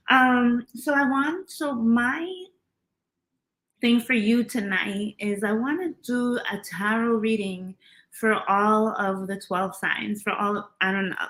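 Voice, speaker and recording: A chatty woman runs a live tarot stream, talking loosely with her viewers and greeting them one by one. She laughs easily and drifts from topic to topic in a relaxed, conversational way. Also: medium pitch. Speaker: tarot reader hosting a livestream. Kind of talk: casual livestream chat.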